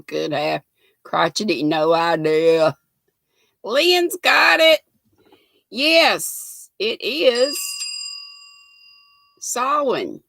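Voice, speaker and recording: A woman's voice: medium pitch, gravelly, pushed and bright, no echo. An older woman hosting a casual livestream, chatting with viewers by name and reading trivia aloud. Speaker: livestream host.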